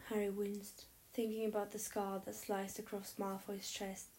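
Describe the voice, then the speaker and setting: A woman narrates a story aloud in a soft, breathy voice. Her tone is mellow and warm, with a gentle, unhurried reading manner. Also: medium pitch, completely flat delivery, low-quality recording. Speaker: audiobook narrator. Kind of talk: reading fan fiction aloud.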